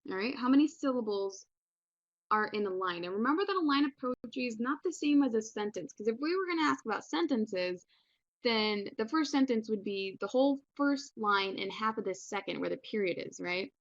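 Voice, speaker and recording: A woman's voice: fairly high pitch, animated, brisk, dry recording, lo-fi sound. A woman teacher giving a recorded online lesson in a casual, encouraging way with many fillers.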